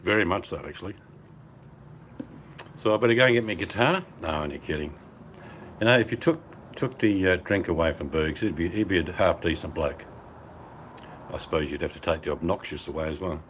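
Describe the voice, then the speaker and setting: A man's voice: low-pitched, fairly quick, pauses often, fairly bright tone, slight background noise. An older man with an Australian accent, chatting casually on a video call at home in laid-back, rambling, blokey banter. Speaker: hangout participant. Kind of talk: casual chat. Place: at home by a fireplace. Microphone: video call on a phone over mobile data.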